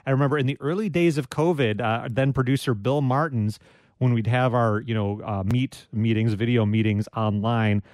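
A man hosting a radio call-in show, chatting casually with callers and making quick, self-deprecating remarks. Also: medium pitch, darkish tone, no room sound. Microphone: studio microphone.

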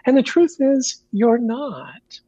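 A woman from Kentucky talks as a radio interview guest in a measured, candid way, pausing with fillers and restarts. Her voice is husky. The line sounds dry and muffled. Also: high-pitched, sing-song, warm tone, no echo. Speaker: guest, pastor and author.

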